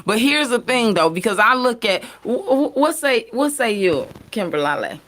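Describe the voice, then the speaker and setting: A woman's voice: a little high, sing-song, moderate pace, a bit bright, slight background noise. A woman hosting a casual panel talk, rambling with many fillers and restarts.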